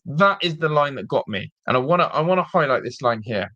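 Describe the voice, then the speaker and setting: A man's voice: mid-range voice, lively intonation, fast, few pauses, bright, forceful tone. A man hosting a live-streamed football fan show, ranting in exasperation and repeating himself. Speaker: fan channel host.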